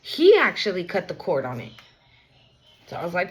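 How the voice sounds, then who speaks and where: A woman's voice: on the low side, huge pitch swings, moderate pace, rough recording. A young woman giving a casual spiritual card reading, frank and repetitive, with streetwise slang. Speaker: tarot reader.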